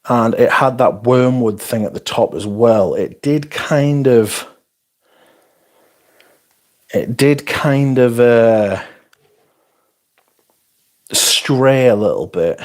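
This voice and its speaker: On a casual fragrance livestream, a man reads viewer comments aloud and rambles in a self-deprecating way, often trailing off mid-thought. His mid-range voice moves slowly, with frequent pauses.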